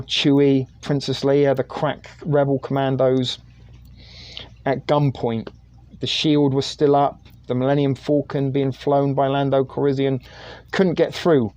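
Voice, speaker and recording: A man's voice: mid-range voice, darkish tone. Rambling, jokey man hosting a stream. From United Kingdom. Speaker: livestream host. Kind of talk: casual livestream chat.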